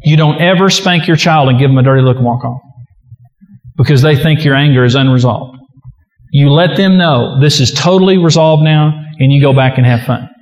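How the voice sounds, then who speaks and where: A man's voice: a little high, fairly quick, darkish tone. A man preaching a sermon as a pastor, earnest and emphatic, often acting out prayers aloud. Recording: echoey hall with long reverb.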